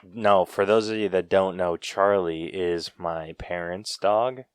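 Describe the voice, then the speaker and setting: A young man hosting a podcast, talking in a relaxed, blunt and laid-back way. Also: low-pitched, slow pace, clear, resonant tone, no room sound. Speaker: podcast host. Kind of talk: casual podcast chat.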